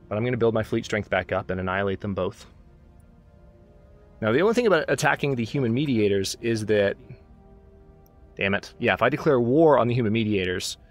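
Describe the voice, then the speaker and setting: Guy with a lowish voice chatting thru his strategy game, talks to his ships, faint music behind. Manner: chatty, talks to his units, self-mocking asides. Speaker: let's play host. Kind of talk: casual gameplay commentary.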